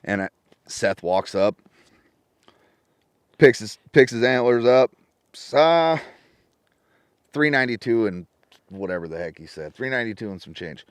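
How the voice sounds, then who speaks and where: A middle-aged man telling a story in casual podcast conversation, lively and acting out his phone calls with friends and family. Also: mid-range voice, unhurried, pauses often, clean tone, no room sound, studio quality. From Washington State. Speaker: podcast guest.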